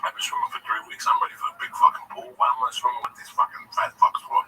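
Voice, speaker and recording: A man's voice: mid-range voice, racing. A man telling a long personal story in casual, profane speech, often calling his listener by name. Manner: profane, animated, keeps addressing the listener by name. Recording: distant mic with faint background noise.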